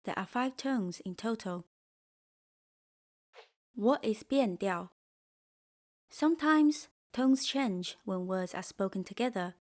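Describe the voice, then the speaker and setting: Slow, clear Mandarin teacher woman. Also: medium pitch, expressive. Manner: slow, clear, drills repetition. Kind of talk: scripted language lesson.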